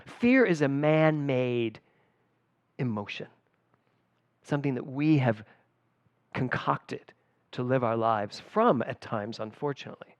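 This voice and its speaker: A middle-aged man, a spiritual director, giving a conversational sermon at a church service, telling personal stories with lively emphasis. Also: medium pitch, slow pace, pauses often, no echo, dull audio. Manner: animated and personal, storytelling with emphatic swings.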